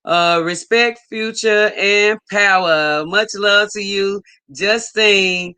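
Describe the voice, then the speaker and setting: A woman hosting a casual livestream, warmly greeting viewers by name and reading out their chat messages. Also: medium pitch, slow pace, clean tone. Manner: warm, effusive greetings, reading out chat names. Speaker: livestream host. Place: home in Ghana.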